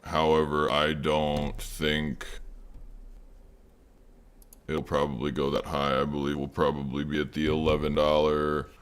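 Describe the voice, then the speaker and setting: A man's rumbling low, smooth voice comes across completely flat and a little slow, broken by long pauses. As host of a live trading stream, he chats casually and rambles, using many fillers and naming viewers in chat.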